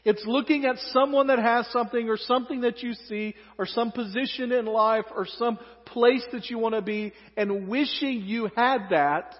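A man's voice: extremely high pitch, normal speed, few pauses, big-room sound, lo-fi sound. A man with a Southern US accent preaching a sermon in a conversational way, with joking asides. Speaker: pastor.

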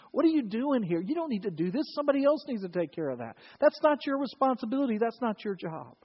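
High-voiced man preaching in a hall. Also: husky, muffled recording. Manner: storytelling with acted quotes and sudden loud bursts. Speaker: pastor. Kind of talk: sermon. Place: church hall.

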